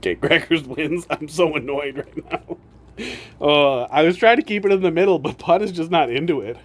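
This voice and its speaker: A man's voice: on the high side, normal speed. A man streamer chatting casually, teasing his pets and laughing often. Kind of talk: casual chat.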